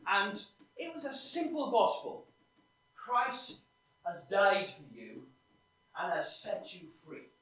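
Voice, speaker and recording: A man's voice: high-pitched, very animated, slow, long pauses, bright, forceful tone. A man preaching a sermon in a church, conversational and often asking the congregation questions. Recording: echoey church from a distance.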